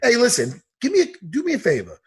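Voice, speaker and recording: A man's voice: very high voice, wildly swooping pitch, fast, husky. A man, an MMA coach, chatting casually on a podcast, ranting heatedly and swearing a lot. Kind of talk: casual chat.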